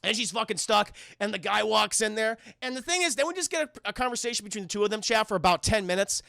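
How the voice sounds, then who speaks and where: High gravelly profane streamer man. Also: animated, fast talker, bright, forceful tone, no room sound. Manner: profane, rambling, many fillers. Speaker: streamer reviewing a film. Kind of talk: casual spoiler recap to chat.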